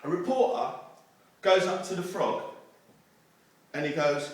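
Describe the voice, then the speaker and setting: A man's voice: fairly high pitch, unhurried, long pauses. A man giving a motivational talk to young people, telling stories and acting out the crowd's voices, heard in a hall. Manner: storytelling, animated, acts out crowd voices. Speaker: motivational speaker. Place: youth centre hall. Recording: distant mic in an echoey room.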